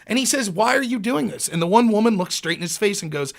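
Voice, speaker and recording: A middle-aged man hosting a political talk show, telling stories and acting out quotes with sudden jumps in pitch and volume. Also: animated, quick pace, few pauses, a bit bright. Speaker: podcast host. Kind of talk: political commentary, storytelling.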